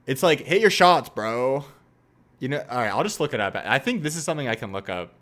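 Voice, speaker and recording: Animated young male streamer. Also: medium pitch, racing. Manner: animated, laughing, swearing, mocking impressions. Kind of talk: casual stream commentary.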